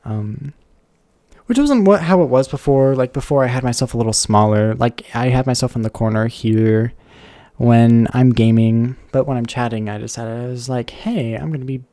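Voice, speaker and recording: Guy streaming from home, rambly and chatty, gravelly low mellow voice, dry close mic. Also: moderate pace, no echo. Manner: rambling, thinks aloud, many fillers and self-corrections. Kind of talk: casual live-stream chat. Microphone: desk microphone.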